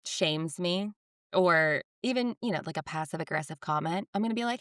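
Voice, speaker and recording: A woman's voice: lowish voice, moderate pace, no room sound, clean studio sound. A woman in her thirties co-hosting a podcast, chatting casually and acting out voices when she tells stories. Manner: animated storyteller, acts out voices in quotes. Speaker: podcast co-host. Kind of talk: casual chat.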